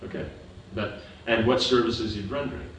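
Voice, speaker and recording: A man's voice: fairly low pitch, fairly even intonation, fairly quick, fairly bright tone. Echoey, distant man teaching scripture. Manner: patient, explaining with repeated checks for understanding. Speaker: spiritual teacher. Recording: echoey room recorded from afar with background noise.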